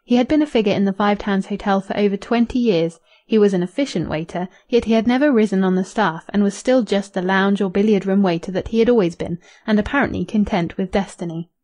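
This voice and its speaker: A woman's voice: mid-range voice, fast, hardly any pauses, darkish tone. Woman narrating a classic novel. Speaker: audiobook narrator. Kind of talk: scripted narration.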